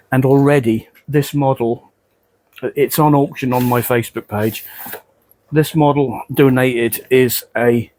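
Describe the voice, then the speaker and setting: A man's voice: mid-range voice, darkish tone, dry recording. Earnest man talking to camera. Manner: earnest, repeats himself, stumbles over words. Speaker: model railway vlogger. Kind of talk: emotional casual talk to camera.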